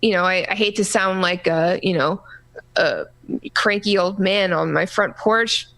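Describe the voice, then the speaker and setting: Rambling, halting woman podcast host. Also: lowish voice, a bit bright. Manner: rambling, halting, many restarts and fillers. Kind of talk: casual gaming podcast chat.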